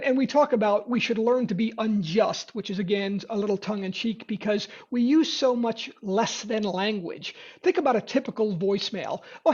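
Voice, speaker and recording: A man teaching sales prospecting in a webinar, talking in a lively way with quick restarts. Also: high-pitched, highs cut off. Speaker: sales trainer.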